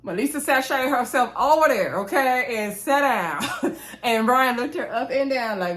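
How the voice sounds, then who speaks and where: A woman's voice: on the high side, fairly bright tone. Chatty woman gossiping through a recap. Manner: chatty, gossipy, playful asides; frequent fillers and quick laughs. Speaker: reality TV reviewer. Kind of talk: casual recap review.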